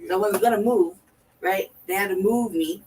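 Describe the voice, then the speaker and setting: A woman co-hosting a talk show, telling a profane story in a lively way and acting out her own reactions. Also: medium pitch, normal speed. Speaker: podcast co-host. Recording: distant mic with faint noise.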